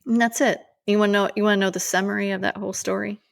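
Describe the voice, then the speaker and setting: A woman in her forties, a podcast co-host, telling a personal story in an emphatic, animated way. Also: mid-range voice, very fast, gravelly.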